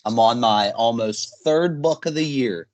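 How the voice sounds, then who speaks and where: A young man hosts a podcast, chatting casually in a rambling, hesitant way, full of fillers and thoughts that trail off. His voice is mid-range and a little slow, and the recording has its highs cut off.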